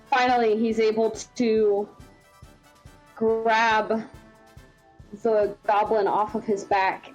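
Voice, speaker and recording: A woman's voice: on the high side, a little mellow, poor audio. A woman running a tabletop game as game master, narrating in a rambling way with many fillers.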